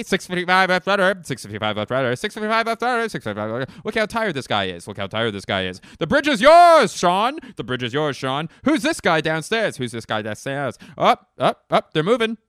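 A man playing a frantic male warship crew, shouting rapid repeated commands. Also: on the high side, sing-song, clear, resonant tone, dry recording, studio quality, pitched above the performer's own voice.

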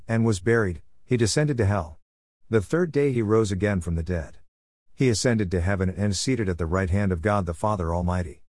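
A man reads a devotional teaching with an earnest, emphatic cadence that builds like a sermon. His voice sits somewhat low. The recording is dry and close, with no room sound. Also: a little mellow, no echo. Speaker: devotional writer and reader.

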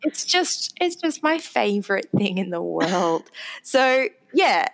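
A woman co-hosting a podcast in casual chat, animated and quick to agree. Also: creaky. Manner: animated, jumps in pitch, eager agreement.

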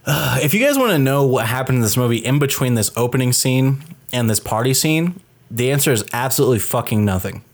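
A man co-hosting a laid-back movie review podcast. His voice sits at a plain, middling pitch. He recaps scenes with a dry, sarcastic edge and casual swearing. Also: animated, brisk. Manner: sarcastic, profane, joking banter. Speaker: podcast co-host.

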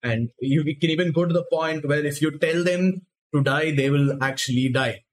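Man podcast host, fairly high voice, chatty, long explanations, uh fillers. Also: normal speed, poor audio. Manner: explains plot at length with fillers and restarts. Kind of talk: casual anime podcast chat.

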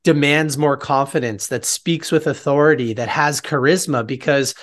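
Male podcast host, measured and reflective, mid-range voice. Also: medium pitch. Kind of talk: podcast interview.

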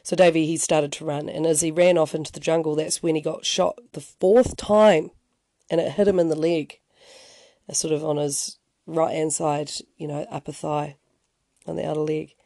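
A man hosts a casual storytelling podcast, recounting events in a loose, conversational flow full of restarts and fillers. His voice is warm and mellow, dropping in dry, wry asides. The close mic gives a dry, intimate sound with no room around it. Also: fairly high pitch, flat delivery, normal speed, creaky, no room sound. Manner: conversational, rambling, frequent restarts and "you know". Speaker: podcast host.

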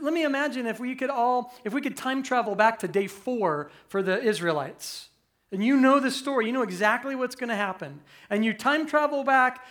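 A man preaching a conversational, animated sermon as pastor, acting out quick voices for humor. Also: very high voice.

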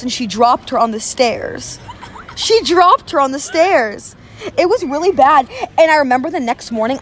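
A woman's voice: on the high side, slight background noise. A young woman in casual chat, rambling and swearing often, with "like" in nearly every phrase. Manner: rambling, heavy use of "like", frequent swearing. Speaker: podcast co-host.

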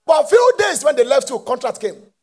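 A man preaching a sermon with impassioned call-and-response and shouted peaks. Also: extremely high pitch, big pitch swings, fairly quick.

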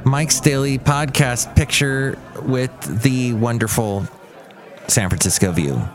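A man's voice: mid-range voice, slow. A man hosting his own podcast, talking casually in a rambling, jokey way and correcting himself as he goes, with faint music behind him. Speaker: podcast host. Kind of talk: casual solo podcast monologue.

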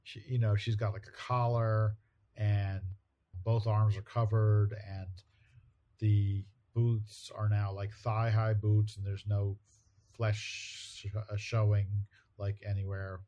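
A man's voice: lowish voice, flat delivery, slow, dark tone. A man co-hosting a chat show, casually retelling a comic book story and briefly voicing characters in quotes. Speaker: podcast co-host.

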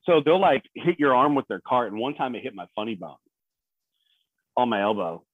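A man as a podcast guest in casual chat, blunt and gruff, laughing at himself now and then. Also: medium pitch, very animated, moderate pace, no room sound. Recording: tinny phone-like line.

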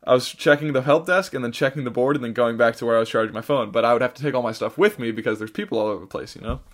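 A man's voice: medium pitch, rapid-fire. A man on a podcast telling a long travel story in casual chat, rambling with many fillers and restarts, sounding tired. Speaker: podcast co-host.

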